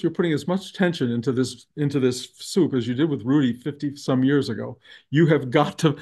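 An older man with a gravelly, husky voice tells long stories in a casual spiritual talk. He rambles and restarts often, and his tone is mellow and warm. He speaks over a video call. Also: on the high side.

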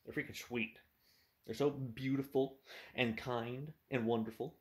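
A man's voice: mid-range voice, steady tone, measured pace, slightly rough. A man vlogging casually into a phone camera, rambling and swearing heavily. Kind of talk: casual vlog talk.

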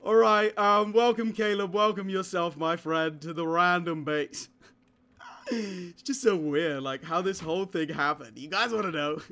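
A young man giving excitable live commentary on his game, often laughing and shouting during fights, with keyboard typing behind him. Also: sits high, unhurried. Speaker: gaming YouTuber.

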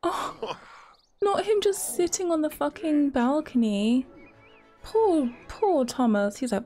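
A young woman giving crude, excitable running commentary while she plays a life-simulation game. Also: sits high, a little slow. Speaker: gaming streamer. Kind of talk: casual let's-play commentary.

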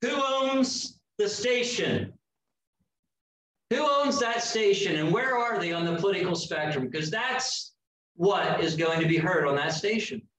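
A man preaching a sermon, slow and emphatic with dramatic pauses. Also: on the high side, animated, fairly bright tone, a little hiss or hum. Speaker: pastor. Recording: echoey room heard from a distance.

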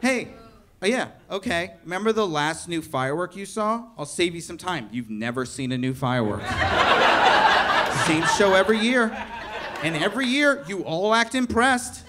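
A young man's stand-up set consists of animated, mock-furious ranting at a live crowd, delivered at normal speed in a high voice. The venue recording picks up the audience laughing.

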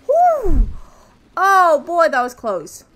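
A woman giving let's play commentary on a game she is playing, excitable, with loud exclamations, gasps and casual swearing. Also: very high-pitched, very slow. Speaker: gaming video creator. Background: faint game music.

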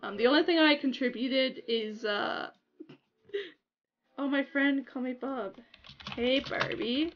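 A young woman chatting casually to her viewers while playing a game on a livestream, giggly and excitable. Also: sits high, takes it slowly, pauses often, muffled recording, slight background noise. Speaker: gaming livestreamer. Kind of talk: casual livestream chat over gameplay.

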